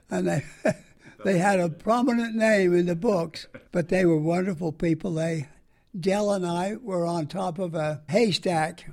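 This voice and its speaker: A man's voice: high-pitched, creaky, darkish tone. An older man from the United States, a war veteran, tells rambling, folksy stories in an oral history interview.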